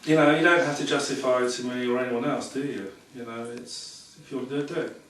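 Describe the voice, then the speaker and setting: A man's voice: medium pitch, fairly even intonation, fast, fairly bright tone. A man reading tarot cards for a small audience in a chatty, rambling way, often laughing at his own stories. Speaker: tarot reader. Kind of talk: casual talk to a small audience. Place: room at a public talk. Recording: echoey room, far from the mic, noisy.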